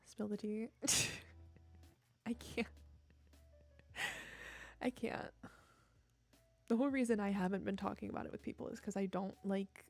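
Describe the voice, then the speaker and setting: Chatty young woman with vocal fry. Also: medium pitch, steady tone, unhurried, long pauses, warm tone, faint music behind. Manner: chatty, self-mocking, laughs often. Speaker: streamer. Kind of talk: casual chat with viewers.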